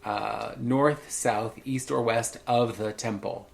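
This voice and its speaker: A man hosting a podcast, telling a story in casual chat with a campy, animated manner. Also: mid-range voice, takes it slowly, vocal fry. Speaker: podcast host.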